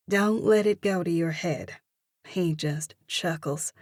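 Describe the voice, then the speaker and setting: A woman narrating a first-person romance audiobook, in a measured, expressive manner. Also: fairly low pitch, dry recording, clean studio sound.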